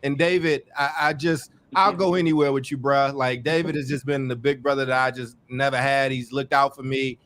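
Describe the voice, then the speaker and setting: A man hosting a podcast in casual chat, warm and effusive, often repeating and stumbling over words. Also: mid-range voice, steady tone, fairly quick, hardly any pauses. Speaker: podcast host.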